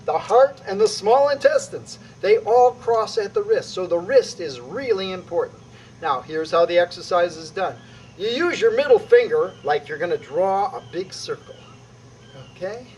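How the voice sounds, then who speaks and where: A middle-aged man teaching qi gong exercises on video, energetic and emphatic, calling out strikes with a loud "boom". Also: slight background noise, rough recording. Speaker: qi gong instructor.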